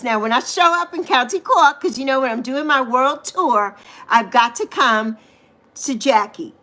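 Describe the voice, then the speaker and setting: Middle-aged American woman, live-stream host, chatty and loose, bright higher voice, frequent laughter. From United States. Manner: chatty, laughs often, swears casually. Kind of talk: casual live chat with viewers.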